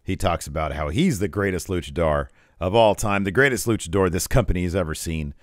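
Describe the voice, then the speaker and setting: A man co-hosting a wrestling podcast in casual chat, lively and joking, often jumping up into a higher voice. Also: brisk, no echo, clean studio sound.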